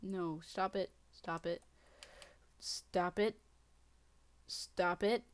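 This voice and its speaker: A woman's voice: on the low side, fairly even intonation, extremely slow. Gaming host, woman, casual play-by-play, mutters under her breath and then snaps into frustrated outbursts. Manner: mutters and whispers to herself, with sudden frustrated outbursts. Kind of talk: casual gameplay commentary.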